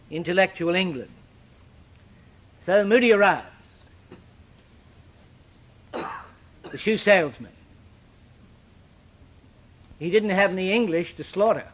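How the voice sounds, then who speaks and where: An older man preaching a sermon, with dramatic, sweeping shifts in pitch and loudness.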